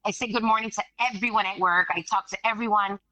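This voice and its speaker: A woman, a guest telling a story in casual animated talk, acting out the voices of others. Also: mid-range voice, quick pace, dry recording. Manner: animated, acts out quoted voices, swears casually.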